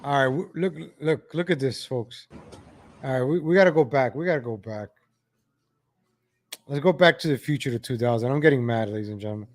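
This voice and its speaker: A man ranting in exasperation as he comments on videos for his viewers, calling them ladies and gentlemen. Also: mid-range voice, brisk, pauses often.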